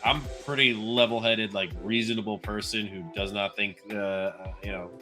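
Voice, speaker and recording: A man's voice: on the low side, fairly even intonation, normal speed, sharp tone, faint music behind. A man guest on a podcast, talking in an easygoing, upbeat way about his work, with loose filler words. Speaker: podcast guest, partnership manager. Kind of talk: casual chat.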